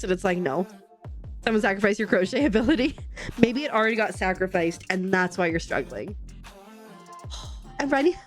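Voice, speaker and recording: A young woman in a casual livestream chat, bubbly and rambling as she answers her viewers between stitches. Her pitch sits in an ordinary middle range, and she talks into a desk mic at home with soft music faintly playing behind her. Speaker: livestream host. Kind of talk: casual chat with live chat while crafting. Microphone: desk streaming mic.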